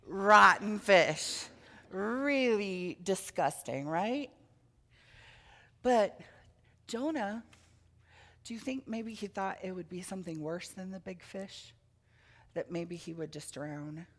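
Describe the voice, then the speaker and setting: A woman preacher giving a children's sermon, telling a story with animated expression and asking the children questions. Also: fairly low pitch, measured pace, long pauses. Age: adult with children.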